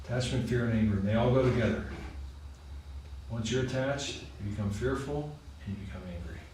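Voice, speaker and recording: A man teaches a scripture study group in an unhurried, gentle voice. He is recorded from a distance in a roomy, echoing hall with steady background noise. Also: medium pitch. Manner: slow, soft-spoken, chuckles while retelling stories. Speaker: class leader. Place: temple hall. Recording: echoey room, mic far off, noisy.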